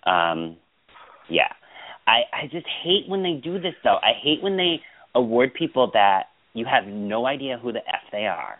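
A gossipy man hosting a casual chat, exclaiming over things with a lively, swooping pitch. His voice comes through thin and phone-like, as over a call line. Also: normal speed, dry recording. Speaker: podcast host.

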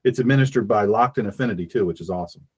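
A man's voice: lowish voice, racing, darkish tone, breathy edge. A man hosting a fiery political talk radio show, preaching in an impassioned way and acting out little scenes.

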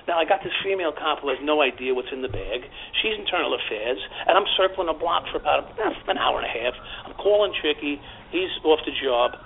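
A man's voice: a little high, lively intonation, fast talker, vocal fry. A man with a New York accent telling a long story as a guest, acting out quotes and swearing freely. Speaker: former police officer, guest. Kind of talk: storytelling in an interview. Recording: tinny phone-like line with faint noise.

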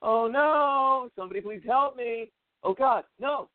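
A man's voice: medium pitch, wildly swooping pitch, moderate pace, vocal fry, no echo, heavily acted. A man putting on the voice of a spoiled teenage girl in a horror scene, melodramatic and mocking. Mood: mock panic. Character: shrill spoiled teen girl horror victim. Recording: dry tinny phone-like sound.

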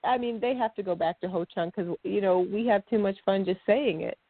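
She talks a bit fast at a medium pitch, co-hosting a podcast in a loose, chatty way and laughing often. The sound is dry and phone-like, with no room echo.

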